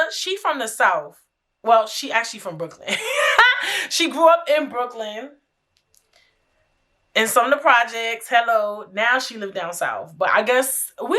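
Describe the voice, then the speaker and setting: A woman's voice: mid-range voice, sharp tone. A young American woman hosting her own podcast, talking frankly and casually, with lots of profanity and laughter. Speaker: podcast host. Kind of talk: casual solo podcast chat.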